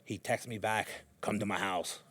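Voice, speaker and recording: A man's voice: lowish voice, moderate pace, slightly rough, dry recording. A man in his thirties, a podcast guest, telling stories in a casual, slangy way and acting out what people said. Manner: animated storyteller, acts out quotes, slangy. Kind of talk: casual storytelling chat.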